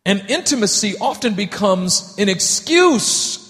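Male pastor, lively swooping delivery, jokey sermon style, reverberant church hall. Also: sits high, measured pace. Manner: animated, acts out voices for humor.

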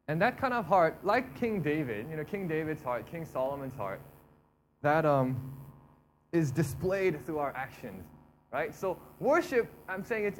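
Young guy preaching casually, voice a bit high, slight hum behind, keeps saying you know. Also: rough recording. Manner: conversational, acts out imagined prayers and complaints; frequent fillers like "you know" and "right". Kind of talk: sermon.

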